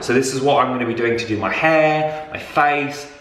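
An excitable young man chats through a craft project, getting loud and carried away. His voice sits at an ordinary pitch. The room rings with echo under a faint hiss. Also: moderate pace. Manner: excitable, loud, over the top. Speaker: vlogger. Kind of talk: chatty DIY vlog.

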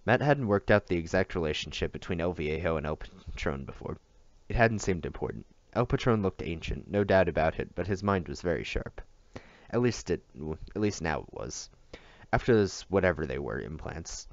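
Deep, gravelly man reading a novel. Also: lively intonation, moderate pace, no room sound, lo-fi sound. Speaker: audiobook reader.

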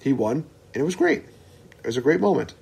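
A man's voice: mid-range voice, sing-song, fairly quick, vocal fry, darkish tone, breathy edge. A man talking as a podcast guest, giving firm opinions in a casual chat. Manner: opinionated, dismissive of complainers.

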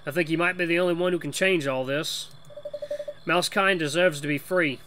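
A man's voice: fairly high pitch, a little fast, pushed and bright, slight background noise. A man putting on a Boston-accented mouse. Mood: shaken. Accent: put-on Boston. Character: weary working-class male mouse, tavern dweller.

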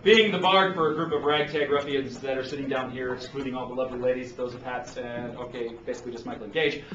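A man's voice: medium pitch, steady tone, quick pace, a little hiss or hum. A man performing as a bard at a tavern, trading jokey banter with the crowd and singing a drinking song, often laughing. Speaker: bard and singer-songwriter. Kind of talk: live folk performance, joking banter and singing. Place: indoor tavern at a festival event. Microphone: handheld camcorder from the audience. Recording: distant, echoey, dull lo-fi camcorder sound. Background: loud instrument accompaniment.

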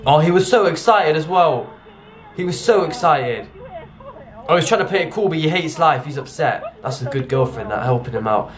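A young British YouTuber reacts to clips with casual, jokey commentary and sudden exclamations. His voice sits on the high side and is animated, at a moderate pace.

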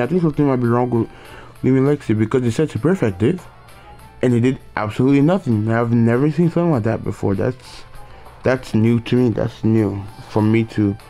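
A man chatting through his gameplay in a loose, wandering way, piling up fillers and restarting his sentences. He yawns now and then. Soft game music plays underneath. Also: mid-range voice. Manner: rambling, many fillers and restarts, yawning. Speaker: gaming video creator. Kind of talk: casual gameplay commentary.

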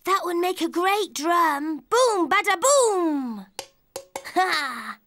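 A woman's voice: very high-pitched, lively intonation, very slow, a bit bright, dry recording, studio quality, exaggerated voice. A woman voicing a small, playful young male donkey full of ideas, giggling and making bouncy sing-song noises. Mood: cheerful. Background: children's music.

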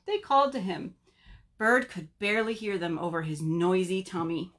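A woman, a children's librarian, reading a story aloud at home for a virtual storytime, expressive and talking directly to the kids. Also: fairly low pitch, moderate pace.

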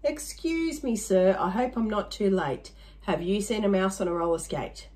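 A timid, well-mannered gentleman who frets over every mishap, as a woman reading aloud puts him on. His lines come out fussy and dismayed, with polite little exclamations. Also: medium pitch, lively intonation, moderate pace, lightly acted. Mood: shy. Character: fretful polite gentleman, timid and easily alarmed.

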